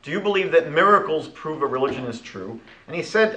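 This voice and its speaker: A man giving a lecture as a rabbi, animated and rhetorical, retelling conversations. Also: a little high, brisk, few pauses, reverberant, poor audio.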